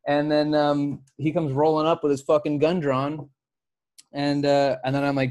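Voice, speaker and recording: A man co-hosting a podcast, telling stories in casual chat, animated and full of swearing. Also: on the high side, normal speed. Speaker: podcast co-host.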